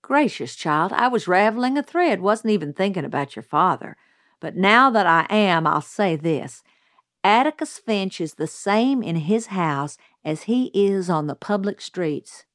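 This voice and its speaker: A woman's voice: mid-range voice, animated, unhurried, a bit bright, dry recording, clean studio sound. Woman voicing a wise older neighbor lady. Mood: firm.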